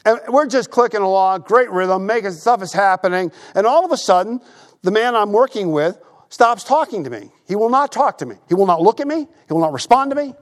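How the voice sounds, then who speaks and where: A male pastor preaching a sermon in a church, telling stories in a lively, conversational way and repeating his phrases. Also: high voice, a little fast.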